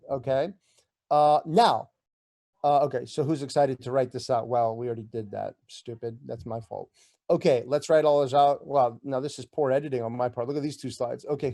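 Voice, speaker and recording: A man giving an energetic motivational presentation, loud and punchy with bursts of emphasis, talking straight to his audience. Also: mid-range voice. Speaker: summit presenter. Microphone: video call.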